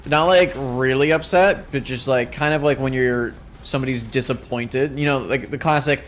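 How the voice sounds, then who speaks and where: A man's voice: mid-range voice, moderate pace, few pauses, a bit bright. Worn out young guy rambling over gameplay, mid-range voice, bit of faint hiss behind. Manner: tired, rambling, self-deprecating. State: exhausted. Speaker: streamer. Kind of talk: casual gameplay commentary.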